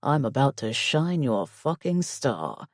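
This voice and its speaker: Audiobook: woman doing a husky, low, domineering mafia husband, slow and dark. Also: very animated, dry recording, clean studio sound, full character voice. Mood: commanding. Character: possessive, commanding young male mafia husband. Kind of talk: audiobook character voice.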